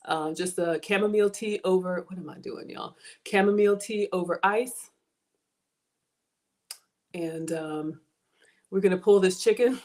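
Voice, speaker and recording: A middle-aged woman, hosting a cooking livestream in a chatty, excitable way and reading viewer comments aloud. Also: lowish voice. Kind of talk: casual livestream chat.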